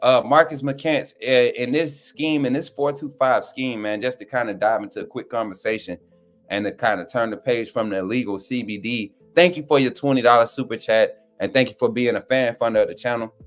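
A man's voice: medium pitch, fairly quick, faint music behind. A man hosting a sports fan live stream in loose, slangy casual chat, often cracking up with laughter.

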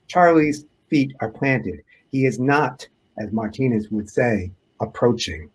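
A man, an author, reading aloud from his own book in a measured, deliberate way. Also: medium pitch, lively intonation, husky, poor audio.

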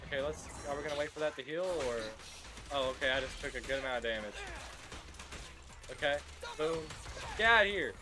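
A man's voice: medium pitch, fairly even intonation, fairly quick, long pauses. A young man casually commenting on a video game as he plays, goofy and rambling, calling people brother. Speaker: gaming YouTuber.

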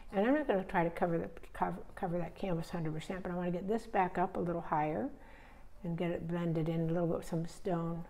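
Low-voiced woman demonstrating a painting. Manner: relaxed, thinks aloud step by step while painting. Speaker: painting teacher. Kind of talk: narrating a live painting demonstration.

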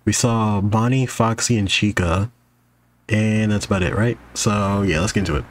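Male gamer with a lowish voice, loose rambling let's play commentary, steady noise behind him. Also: normal speed. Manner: rambling, checks in with "right?". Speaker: gaming YouTuber.

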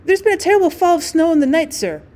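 A woman voicing an eager young housemaid who speaks brightly and deferentially, reading a storybook aloud. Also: very high-pitched, big pitch swings, fast, pitched above the performer's own voice.

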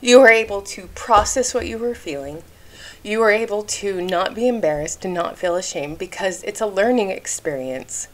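A woman talking straight to the camera in a vlog rant. She sounds indignant and emphatic and keeps stopping to ask "okay?". At times she gets emotional while she talks. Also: mid-range voice. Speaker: YouTube commentary creator.

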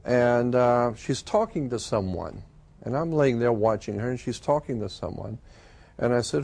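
A man telling a personal story in a casual, conversational way, pausing often with "uh" and "um". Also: mid-range voice, expressive, creaky, darkish tone. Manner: conversational, with frequent "uh" and "um" pauses. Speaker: storyteller recounting a personal experience.

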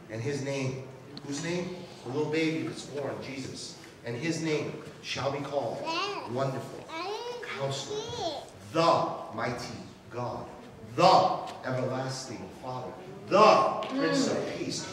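A pastor preaching a sermon to his church, swinging from hushed passages to shouted ones. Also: a little high, expressive, a little slow. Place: church sanctuary. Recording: echoey hall, distant mic, audible noise.

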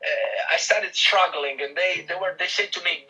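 A man's voice: sits high, moderate pace, few pauses, breathy edge, muffled recording. A man from Italy with an Italian accent, a real estate agent telling his story as an interview guest and acting out the dialogue. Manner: animated, acts out quoted dialogue, frequent restarts.

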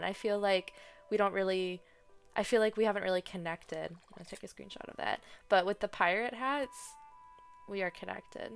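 A woman chatting casually while playing a farming video game, excitable and prone to dramatic groans. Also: medium pitch, normal speed, creaky, smooth. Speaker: gaming streamer. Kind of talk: casual gameplay commentary. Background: soft game music.

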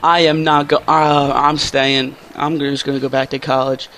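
Young male gaming commentator, excitable and slangy, gravelly tone. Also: moderate pace, slight background noise. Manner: excitable, slangy, jumps to high squeals when thrilled. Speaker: gaming YouTuber. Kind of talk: casual gameplay commentary.

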